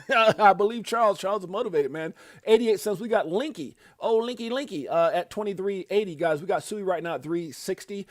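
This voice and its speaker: A fired-up male host running a live crypto show, his voice sitting a bit high for a man. He jumps into loud, hyped bursts full of slang and repeated words. The sound is dry and close, with no room echo. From Brooklyn, USA. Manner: excitable, loud bursts of hype, slang, frequent repeats and laughs. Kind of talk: live crypto market commentary.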